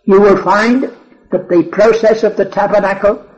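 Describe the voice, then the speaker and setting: A man's voice: high voice, fairly even intonation, normal speed, a little mellow, muffled recording. A man preaching an earnest sermon, teaching from the Bible with emphatic repeated phrases.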